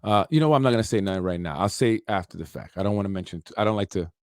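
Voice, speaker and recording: Talking very fast in a fairly low, darkish voice, a man hosts a political talk show in Yonkers, New York. He rants loosely without a script, dropping sarcastic asides and saying "you know" often, in a dry, studio-quality recording.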